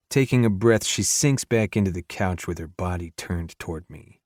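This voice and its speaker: A man narrating a romance audiobook in the first person, in a low, intimate, earnest way. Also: moderate pace, a little mellow, no echo, clean studio sound.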